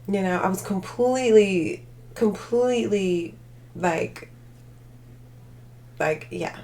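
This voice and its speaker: A woman's voice: medium pitch, expressive, slow, darkish tone. A tired woman hosting a casual livestream, chatting with viewers in a rambling way full of filler words and laughter. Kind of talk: casual live chat.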